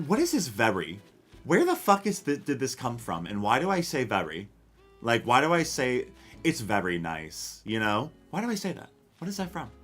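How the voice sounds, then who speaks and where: Animated, bright-toned rambling male streamer. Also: mid-range voice. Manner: rambling, self-questioning, wry, casual swearing. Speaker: live streamer. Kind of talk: casual gameplay chat, reading chat.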